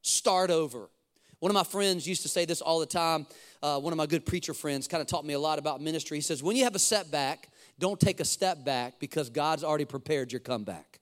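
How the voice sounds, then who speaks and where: A man with a high voice preaches to a church congregation. He presses his points with emphasis and repeats key lines. He often asks the listeners to say phrases back to him, and he slows down to read scripture. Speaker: pastor. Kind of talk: sermon. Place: church sanctuary.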